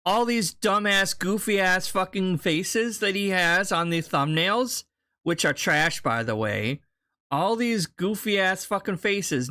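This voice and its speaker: A man's voice: high-pitched, slow, sharp tone. A man doing casual reaction commentary, mocking and heckling another streamer with lots of swearing.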